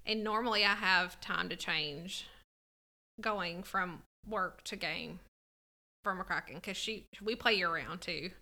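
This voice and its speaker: A woman's voice: lowish voice, slow, bright, forceful tone. A woman in casual chat as a podcast co-host, earnest, with a lot of "like" and "you know".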